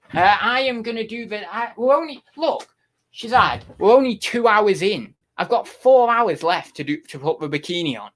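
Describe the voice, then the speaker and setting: A young man with a slightly high, fairly bright voice chats casually on a livestream. He rambles with many restarts and grows exasperated with his chat.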